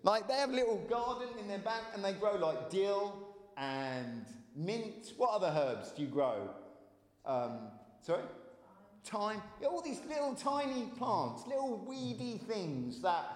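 Male pastor, sermon, fairly high voice, animated, long hall echo. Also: unhurried. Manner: animated, urges congregation to call out; many fillers and restarts. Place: church hall.

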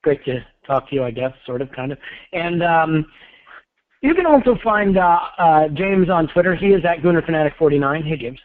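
A man hosts a podcast with wry, self-deprecating asides. His voice sits fairly high. He calls in, so he sounds tinny and phone-like, but dry. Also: lively intonation, moderate pace, dry recording. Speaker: podcast host. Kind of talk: casual podcast chat.

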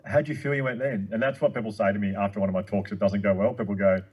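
A man tells a story at a rapid clip, the words tumbling out in his eagerness. His voice is husky and sits low. It sounds like relaxed conversation with a guest speaker. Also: low-quality recording. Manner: fast, excitable storyteller. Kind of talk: casual chat.

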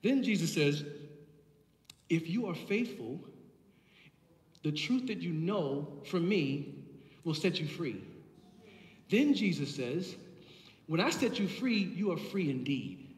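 A man's voice: on the high side, big pitch swings, slow, pauses often. A man preaching a sermon as pastor, impassioned and building through repeated phrases, heard in a church sanctuary. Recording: echoey hall from far off.

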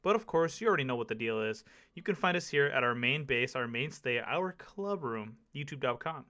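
A male podcast host with a bright, forceful voice who talks in a hyped, jokey way. He chats casually and keeps the conversation moving with his co-hosts. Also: mid-range voice, expressive, a little fast.

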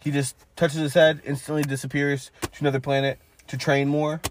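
A man's voice: a little high, flat delivery, a little fast, slight background noise. Man recapping matches on a podcast. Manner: play-by-play recapping with fillers. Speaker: podcast co-host. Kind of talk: casual wrestling podcast chat.

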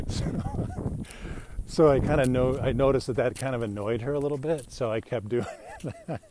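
A man's voice: medium pitch, huge pitch swings, a little slow, long pauses, background noise. A middle-aged American man telling a rambling, chatty story in a casual monologue, laughing often. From United States.

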